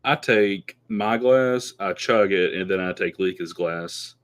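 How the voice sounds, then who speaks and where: Man putting on a surly warrior, rude, deep, blunt. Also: slow, a bit bright, smooth. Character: surly, violent young male warrior.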